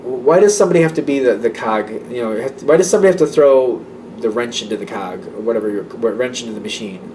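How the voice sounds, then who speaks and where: A tarot reader, a man with a mid-range, somewhat mellow voice, talks fast through a casual reading, chatty and repetitive, laughing lightly between thoughts. He is recorded from a distance, a bit away from the microphone, with a faint hum of room ambience behind him.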